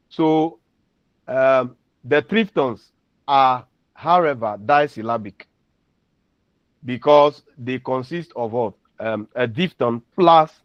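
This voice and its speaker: A university lecturer with a medium-pitched voice teaches phonetics, patiently explaining and repeating example words. There's no echo, though the recording is dull and lo-fi.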